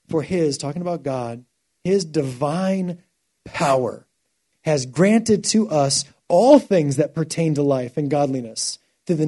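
A man preaching a sermon to a group, telling stories with lively shifts between quiet, earnest passages and louder, excited ones. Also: on the high side. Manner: animated storytelling, shifting from quiet to loud. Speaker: pastor.

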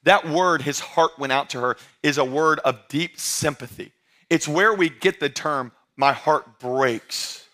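A male pastor preaching with a high, bright voice. He swings from playful jokes and shouted emphasis to hushed, tender lines, and he keeps his audience engaged throughout. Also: unhurried. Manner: drops to soft, intimate tones for emphasis. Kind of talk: sermon.

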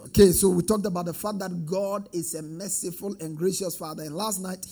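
A man's voice: sits high, steady tone, a little fast, dark tone, soft background music. A man preaching a sermon with call-and-response, rising into sing-song emphatic swells.

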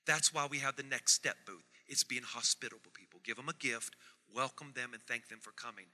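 A man preaching a sermon as pastor, swinging from soft asides to loud emphatic repetition. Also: medium pitch, a little fast. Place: church sanctuary. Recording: reverberant church hall.

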